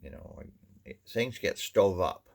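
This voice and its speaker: A man's voice: sits low, expressive, unhurried, gravelly, darkish tone. A man from Maine with a Maine accent, rambling through a casual folksy monologue, full of "you know" and restarts. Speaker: vlogger.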